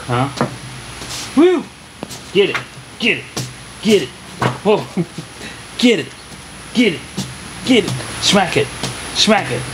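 A man's voice: medium pitch, background noise. A man filming a home vlog, cheerfully coaching his daughter through a painting activity with short repeated cues. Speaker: vlogger and father. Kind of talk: casual vlog, coaching a child through art. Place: home, indoors.

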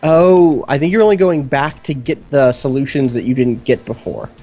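Man, game stream co-host, encouraging, explains mechanics, mellow tone, music behind. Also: medium pitch, moderate pace. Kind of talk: casual let's play chat.

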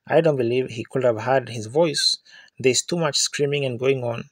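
A man's voice: mid-range voice, normal speed, no room sound. A man preaching a sermon in fervent storytelling style, building to emphatic outbursts. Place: church meeting.

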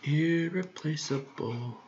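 A man's voice: on the high side, slow pace, darkish tone, a little hiss or hum. A man thinking aloud while he works, muttering to himself and repeating words over and over. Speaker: creator working on a song. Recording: dull lo-fi recording.

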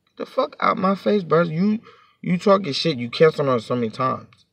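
A man's voice: fairly high pitch, lively intonation, normal speed, gravelly, a bit bright, dry recording. A man telling a storytime to his vlog audience in a heated, profane, rambling rant, sitting a bit back from the mic.

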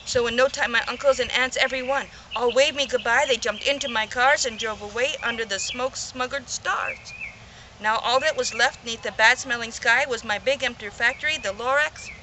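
A woman's voice: on the high side, normal speed, pushed and bright, a little hiss or hum, low-quality recording. A woman reading a rhyming children's story aloud in a playful, rhythmic way. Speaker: reader.

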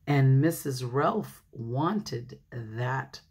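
A woman pastor reading a picture book aloud to children, animated, laughing often and talking to her listeners. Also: very deep voice, drawn-out words, breathy edge.

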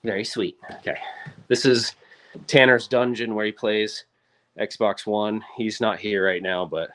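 A man's voice: on the low side, steady tone, measured pace, a bit bright. Rambling man in his forties, livestreaming. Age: 40s. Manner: rambling, upbeat, trails off and restarts. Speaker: livestream host. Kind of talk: casual livestream chat.

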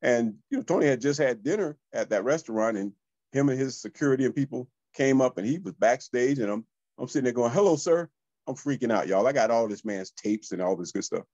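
High-energy man telling stories. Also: fairly quick, dry recording, highs cut off. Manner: high-energy, animated, addresses listeners as y'all. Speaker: real estate coach. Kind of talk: motivational storytelling.

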